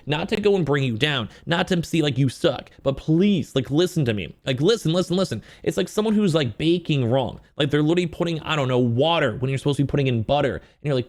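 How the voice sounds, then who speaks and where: A man's voice: fairly high pitch, lively intonation, quick pace, few pauses. A man hosting casual drama commentary, talking in a rambling, emphatic way full of fillers.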